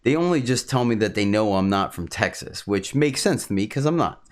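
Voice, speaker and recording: A man's voice: lowish voice, animated, fairly quick. A man from Miami, chatting casually as a podcast co-host, telling stories wryly and chuckling often. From Miami, Florida. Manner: wry storyteller, chuckles often. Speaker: podcast co-host and club dancer. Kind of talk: casual chat.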